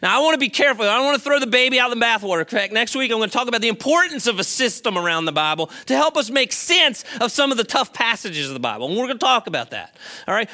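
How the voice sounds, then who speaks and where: A male pastor delivers a conversational sermon in a church. His voice sits high and rings very bright, and he keeps checking in with the room. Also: very animated, rapid-fire. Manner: conversational, checks in with "okay?" and "all right?". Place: church sanctuary.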